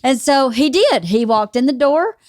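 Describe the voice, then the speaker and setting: A woman guest on a podcast, telling a family story, teasing and quick to contradict. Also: high-pitched, animated, a little mellow, dry recording, clean studio sound. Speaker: podcast guest, host's wife. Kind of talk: casual storytelling chat.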